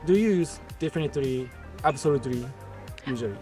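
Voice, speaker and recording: A man's voice: medium pitch, lively intonation, fast talker, mellow, soft background music. Man asking short questions. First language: Japanese. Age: 30s. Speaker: interviewer, channel host. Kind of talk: casual interview questions. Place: outdoors in a park.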